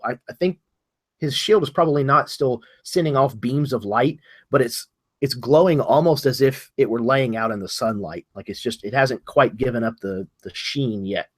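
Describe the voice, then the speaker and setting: A man playing a tabletop game, describing his character's actions in a hesitant way with many pauses. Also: medium pitch. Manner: hesitant, many ums and restarts. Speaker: player.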